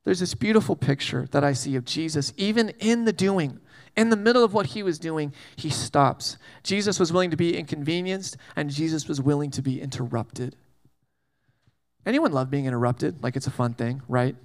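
Man, pastor, casual sermon, high voice, animated storytelling. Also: normal speed. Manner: animated, jokey storytelling with acted-out asides.

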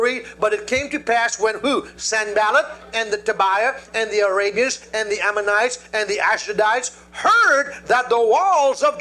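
A male preacher delivering a sermon, telling a story and calling out to the congregation in an animated way. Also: very high voice.

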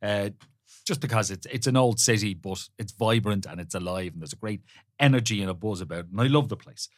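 A man's voice: on the low side, fairly quick, no room sound, clean studio sound. A man co-hosting a podcast, telling stories in casual chat, teasing and often restarting his sentences. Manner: teasing storyteller, many restarts. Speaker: podcast co-host.

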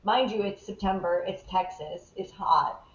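A woman guest in a podcast interview, telling a story in a lively, animated way and acting out the people in it. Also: medium pitch, measured pace, slight background noise. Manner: animated, acts out the people in her stories. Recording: roomy, slightly dull sound.

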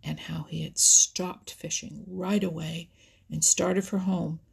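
A woman narrating a children's animal storybook in a soft, often whispery, husky voice. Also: lowish voice, little pitch movement, slow pace. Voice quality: husky, gravelly.

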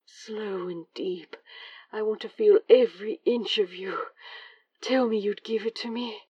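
A woman voicing a prim, breathy, fussy man talking on the phone in an audio drama. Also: medium pitch, steady tone, a little slow, no room sound, distant mic, highs cut off. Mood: aroused.

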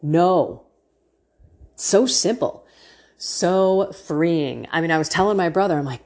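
Female podcast host, low and husky, earnest and chatty about faith. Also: animated, takes it slowly, long pauses, a little mellow. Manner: earnest, chatty, laughs often. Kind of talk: casual faith podcast talk.

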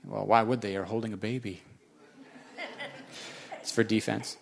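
A man's voice: fairly low pitch, fairly even intonation, normal speed, gravelly. A man preaching a sermon, telling a personal story with self-mocking humor and emphatic repetition. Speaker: pastor.

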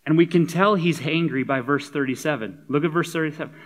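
A man's voice: on the high side, fairly quick. A man preaching a sermon as a pastor. He is conversational and humorous, and he builds to emphatic points.

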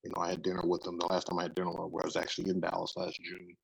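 A man's voice: low-pitched, very fast, vocal fry, husky, low-quality recording. A middle-aged man, a football coach, telling stories in a casual interview, rambling and restarting his sentences. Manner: relaxed, rambling with frequent restarts.

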